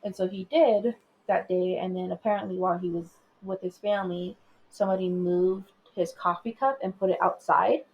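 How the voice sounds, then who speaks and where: Young woman, husky voice, casual podcast chat, rambling storyteller. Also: mid-range voice, fairly even intonation, moderate pace, highs cut off. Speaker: podcast co-host.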